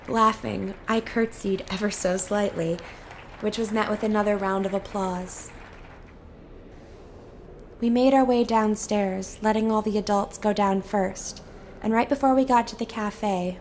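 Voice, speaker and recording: A young woman giving a soft, measured and intimate reading of a novel as scripted narration. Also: medium pitch, slight background noise. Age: young adult. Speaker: student reader.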